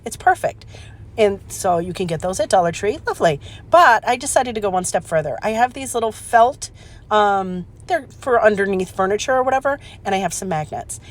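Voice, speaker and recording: A woman hosting a casual craft demonstration, chatty and excitable, laughing at her own mistakes and filling pauses with "um". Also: a little high. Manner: chatty, excitable, self-deprecating, lots of "um". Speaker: craft channel host.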